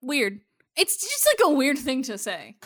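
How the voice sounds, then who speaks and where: A young woman co-hosting a podcast, chatting casually and playfully with quick asides. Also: high-pitched, huge pitch swings, a bit bright. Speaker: podcast co-host. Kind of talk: casual recap chat.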